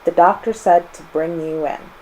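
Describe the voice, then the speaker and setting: A woman's voice: fairly low pitch, fairly even intonation, moderate pace, a little mellow, slight background noise, close to an everyday voice. A young woman voicing a cheerful, literal-minded housekeeper in a children's storybook reading.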